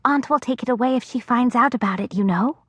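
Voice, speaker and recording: A woman voicing a small, wise young girl in an audiobook, speaking softly and whispering. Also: on the high side, quick pace, slightly rough, pitched above the performer's own voice. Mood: tearful. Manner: soft, whispering.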